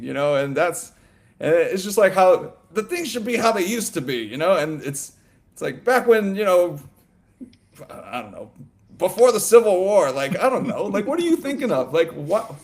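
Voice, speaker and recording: A man co-hosting a sports podcast, talking in a loose, animated ramble full of "like" and "you know" and quick laughs. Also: high-pitched. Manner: laughs often mid-sentence. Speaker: podcast co-host. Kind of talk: casual sports chat.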